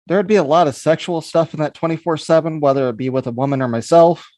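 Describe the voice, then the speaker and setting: A man's voice: a little high, quick pace, darkish tone, dry recording. A man co-hosting a comedy podcast, reading out crude would-you-rather questions in blunt, casual banter.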